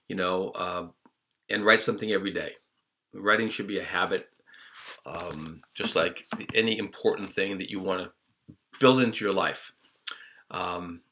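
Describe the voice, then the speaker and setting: A lowish male voice with a bright, forward edge talks young students through revising their writing. His delivery is relaxed and chatty, with plenty of ums, like a friendly teacher. The tone stays encouraging and unhurried. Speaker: children's author teaching writing. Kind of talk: friendly writing lesson for kids.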